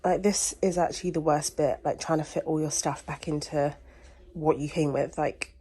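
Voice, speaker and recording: A woman's voice: deep voice, fairly even intonation, moderate pace, warm tone, husky. Chatty young woman vlogging casually. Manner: chatty, giggly, uses "like" a lot. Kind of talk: casual vlog chat to camera.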